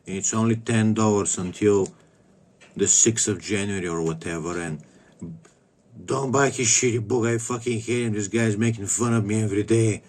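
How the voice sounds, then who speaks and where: A man's voice: on the low side, moderate pace, a little mellow, close to an everyday voice. A man putting on a childish, cartoonish impression of a woman, whiny and profane. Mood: mocking whine.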